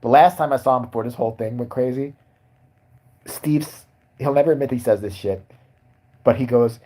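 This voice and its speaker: A man's voice: medium pitch, moderate pace, pauses often, mellow. A man chatting casually on a livestream, crude and joking as he reacts to the chat. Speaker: live streamer.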